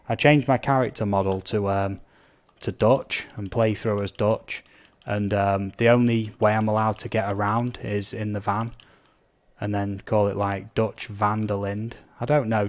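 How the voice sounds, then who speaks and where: Male streamer, slightly low voice, casual running chat over gameplay. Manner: chatty, reads out viewer comments, blurts game sound effects. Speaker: gaming live streamer.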